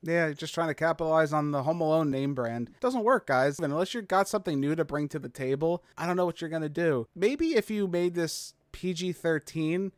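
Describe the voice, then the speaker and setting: A man's voice: fairly high pitch, brisk, few pauses, no echo, studio quality. Blunt, exasperated man reviewing films. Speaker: movie reviewer, co-host. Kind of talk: casual review chat.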